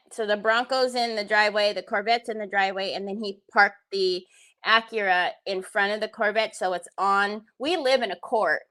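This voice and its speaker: A woman's voice: mid-range voice, bright, forceful tone. A woman hosting a crafting livestream, telling a story in a rambling, chatty way and laughing often. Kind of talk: casual storytelling chat.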